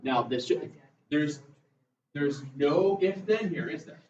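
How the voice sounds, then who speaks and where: A man's voice: a little high, lively intonation, takes it slowly, a little mellow, recorded from a distance, a little hiss or hum. A male math teacher, giving a casual, chatty classroom lecture and telling stories to his students. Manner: conversational, tells stories to the class. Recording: roomy classroom, voice from afar, dull sound.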